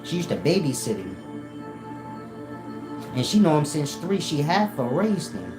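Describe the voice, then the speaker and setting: A man telling comic stories to his chat in a slangy, animated way, laughing often and slipping into quoted voices. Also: on the high side, a little slow. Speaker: streamer talking to his chat. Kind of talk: casual comic storytelling. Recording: roomy sound with music behind.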